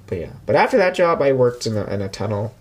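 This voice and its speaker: A man's voice: mid-range voice, sing-song, fast, darkish tone, husky. A young man telling a casual, rambling story on a podcast, with frequent restarts and fillers. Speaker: podcast guest.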